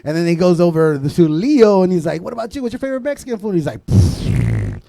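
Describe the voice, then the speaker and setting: Young man doing loud crude stand-up. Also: sits high, expressive, quick pace, creaky. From Southern California. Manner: crude, loud crowd work with Spanish asides. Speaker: stand-up comedian. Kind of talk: stand-up comedy set.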